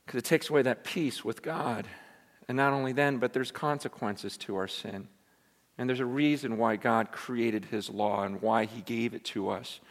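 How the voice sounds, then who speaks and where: A man's voice: medium pitch, normal speed. Self-deprecating male pastor in echoing church. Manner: self-deprecating, animated, repeats words. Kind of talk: sermon with a joke. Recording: long church reverb.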